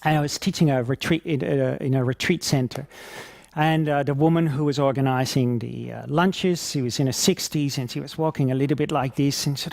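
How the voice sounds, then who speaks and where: Lively Reiki teacher telling stories. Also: male voice, medium pitch, brisk, gravelly, dry recording, clean studio sound. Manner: lively, laughing storyteller, acts out scenes. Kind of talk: conference talk with anecdotes.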